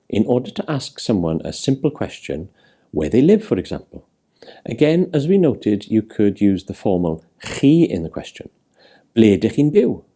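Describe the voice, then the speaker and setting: A man teaching a language lesson, explaining and clearly modelling words for learners. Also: fairly low pitch, mellow. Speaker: Welsh language tutor. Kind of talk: scripted teaching narration.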